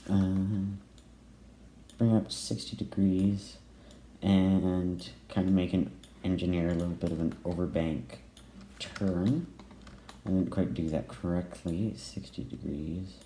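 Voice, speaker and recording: A man giving casual let's play commentary while he builds, musing and halting with many pauses and fillers. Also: deep voice, steady tone, mellow. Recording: echoey room, faint noise.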